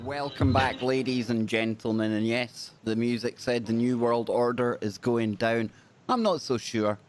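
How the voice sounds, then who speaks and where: Male podcast host, casual chat, jokey and punning, mid-pitched voice. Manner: jokey, self-deprecating, punning.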